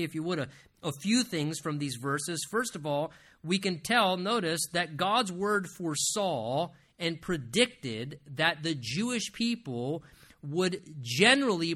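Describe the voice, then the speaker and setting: A man's voice: fairly high pitch, sharp tone. A middle-aged man, a pastor, preaching a sermon and reading scripture aloud with earnest emphasis.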